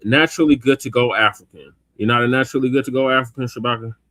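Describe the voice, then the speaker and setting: A man's voice: medium pitch, fairly even intonation, quick pace, fairly bright tone, no echo. A man on a casual talk show who chides and teases a fellow panelist. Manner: teasing, chiding banter.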